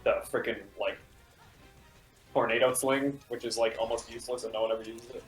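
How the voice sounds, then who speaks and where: A man's voice: medium pitch, level tone, brisk, soft background music. A young man chatting casually over a video game, explaining things with lots of hedging fillers. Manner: explains with many fillers and restarts. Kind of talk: casual chat while playing a video game. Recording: echoey room.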